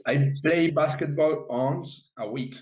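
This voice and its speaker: A man's voice: on the high side, slow. Male student, hesitant reader, mid voice, echoey and distant. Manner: hesitant, reads examples aloud.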